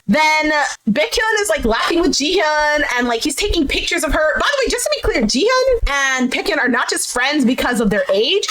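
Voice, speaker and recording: A woman's voice: high-pitched, fairly bright tone, slight background noise, low-quality recording. A woman casually recapping a reality show, blunt and opinionated, with lots of "like" fillers. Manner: chatty, heavy use of "like" fillers. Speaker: recap vlogger.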